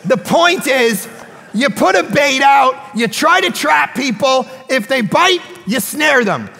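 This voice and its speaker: A man preaching a sermon as pastor, telling a story with animated energy and sudden shouted bursts. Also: very high voice, slow pace, vocal fry, in a large hall. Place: church sanctuary.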